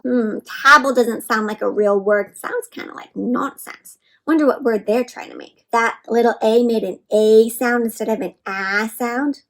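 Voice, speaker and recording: A woman reading a picture book aloud to children, animated, asking them questions and slowly sounding out letters, sometimes dropping to soft whispered asides. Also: high voice, low-quality recording. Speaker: children's story reader. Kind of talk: interactive read-aloud for kids.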